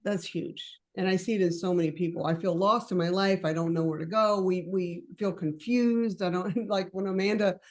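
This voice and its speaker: A woman leading an online coaching class, chatty and animated, laughing often and acting out conversations with clients. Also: fairly low pitch, moderate pace, hardly any pauses.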